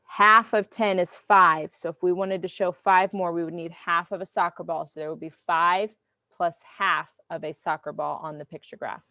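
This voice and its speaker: A woman teacher, running a review game for her online class in a playful, teasing, animated way. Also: lowish voice, normal speed, no room sound. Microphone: computer mic on video call.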